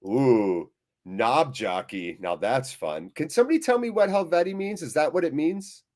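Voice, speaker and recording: A man's voice: fairly high pitch, animated, moderate pace, darkish tone. A man hosting a live fan watchalong, reading viewers' chat aloud with jokey swearing and a weary, deflated tone.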